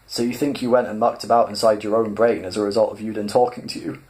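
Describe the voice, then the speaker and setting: A man's voice: fairly low pitch, level tone, quick pace, a little mellow, natural voice, poor audio. A man reading an eager alien friend. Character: excitable male alien friend, quick to laugh.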